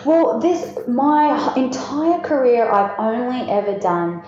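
A woman's voice: fairly high pitch, slow pace, slight background noise. Australian woman on an echoey, dull line. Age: 30s. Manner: relaxed, laughs easily, thoughtful. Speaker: guest. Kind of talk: casual interview. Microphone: remote call.

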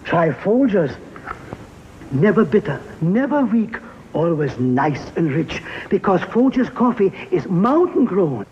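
An actor playing a cheery middle-aged husband in a vintage coffee commercial. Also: male voice, high voice, big pitch swings, takes it slowly, heavily acted. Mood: salesy. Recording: dull lo-fi old ad audio with faint hiss.

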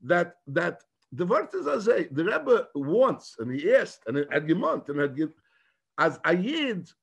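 A man, a rabbi, giving a talk in English mixed with Yiddish, halting and repeating himself, then rising into emphatic bursts. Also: high voice, creaky, fairly bright tone, breathy edge.

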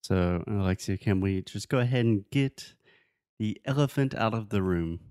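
A man leads a relaxed lesson-style chat. He patiently coaches pronunciation, drawing sounds out and teasing gently. The sound is dry and close. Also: fairly low pitch, clean tone, no echo. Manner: patient, playful, corrects pronunciation slowly. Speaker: co-host teaching English. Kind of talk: casual language-lesson chat.

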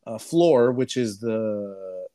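A man co-hosting a podcast, recapping a film in a rambling, profane, animated way. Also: on the low side, extremely slow, clear, resonant tone. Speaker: podcast co-host. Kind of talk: casual movie review chat.

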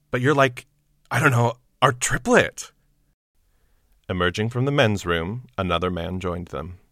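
Young male actor, lowish bright voice, storyteller who acts out the dialogue, dry close mic. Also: dry recording. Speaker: actor reading a short story. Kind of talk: storytelling narration and casual reflection.

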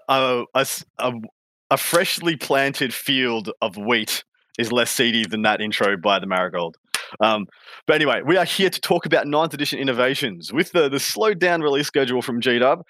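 An Australian man hosting a casual podcast, chatty and quick to laugh, often repeating words as he thinks. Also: medium pitch, a bit bright, dry recording. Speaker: podcast host.

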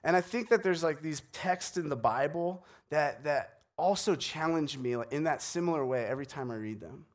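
A man's voice: fairly high pitch, normal speed, hardly any pauses. A man in his thirties, a pastor, preaching a sermon in a conversational, joking storytelling way. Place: church sanctuary.

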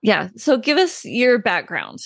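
A woman's voice: medium pitch, wildly swooping pitch, measured pace, gravelly, no room sound, clean studio sound. A woman hosting a parenting podcast, chatty and enthusiastic as she interviews her guest. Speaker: podcast host and parent coach.

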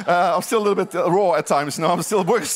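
A man with a high voice preaches a sermon, dropping to hushed asides and then rising into loud, stretched-out preaching. He reads scripture with weight and slips into chatty, informal remarks between passages. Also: quick pace. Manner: reads scripture aloud with emphasis; chatty asides with many "you know"s. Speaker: pastor.

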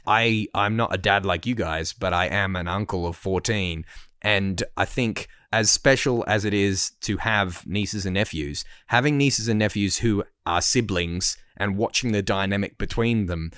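A man's voice: lowish voice, measured pace, a bit bright, clean tone, no room sound. Enthusiastic man, dry close sound. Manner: enthusiastic, laughs often. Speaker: podcast co-host. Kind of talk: casual chat.

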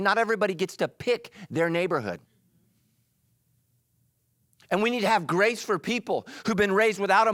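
High, lively male pastor preaching. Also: no echo, studio quality. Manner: animated and joking, acts out quick quoted voices. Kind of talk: energetic sermon. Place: church.

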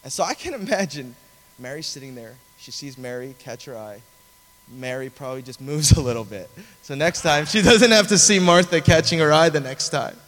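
A man delivers a sermon in a lively, conversational storytelling manner. His voice sits fairly high for a man. The sound rings out with the long reverb of a large cathedral. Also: moderate pace. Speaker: preacher.

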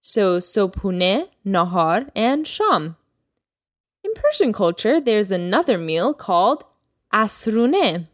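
A woman hosting a language lesson podcast as the teacher, speaking clearly and slowing down to model new words. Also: mid-range voice, sing-song, dry recording, clean studio sound. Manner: clear teacherly delivery, slows down for vocabulary. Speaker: Persian teacher, podcast host.

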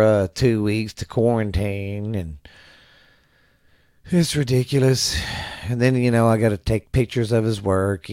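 A man's voice: fairly low pitch, a little mellow, dry recording, clean studio sound. A middle-aged man hosting a casual podcast from home, rambling and ranting with frequent swearing and stammers. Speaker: podcast host. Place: home at night.

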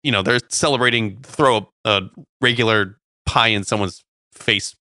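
Bright, playful man, dry close sound. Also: fairly low pitch, moderate pace, no echo. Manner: playful, jokey, laughs often. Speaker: co-host of a cooking show. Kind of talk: casual banter.

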